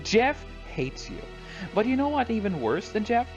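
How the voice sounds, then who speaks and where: A man hosting a loose chat, ranting in exasperation and swearing all the way. His voice sits high and leaps wildly in pitch. Faint music plays underneath. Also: sing-song, normal speed. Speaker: host. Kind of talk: casual chat while drawing.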